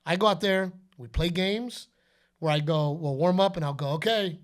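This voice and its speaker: The middle-aged host has a higher voice and a brisk delivery. On his podcast he chats casually through stories, bringing them to life by acting out quotes and announcer calls.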